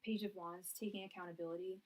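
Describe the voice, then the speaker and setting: A woman's voice: fairly low pitch, flat delivery, fast. A young woman doing a live tarot reading, chatty and rambling, full of fillers and restarts, projecting her voice. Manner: projecting loudly so the audio carries. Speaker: tarot reader.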